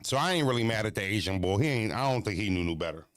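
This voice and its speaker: A man hosting a live stream, telling a story casually to his chat in an animated, profane way that swings between high excited and low mocking tones. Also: very fast, clear, resonant tone, no echo, clean studio sound.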